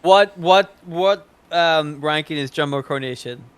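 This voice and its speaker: A man's voice: a little high, a little slow, clear, resonant tone, no echo. A man from Ireland, co-hosting a podcast and weighing his opinions carefully, with many fillers. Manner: thoughtful, hedging, with many fillers. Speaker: podcast co-host. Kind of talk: casual comic-book ranking chat.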